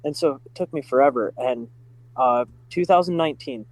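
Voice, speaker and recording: A middle-aged man telling stories in a casual podcast chat, full of fillers and excitement. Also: mid-range voice, moderate pace, poor audio. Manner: enthusiastic, many fillers like "like" and "uh". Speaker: podcast guest, driving school staff. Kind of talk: casual storytelling.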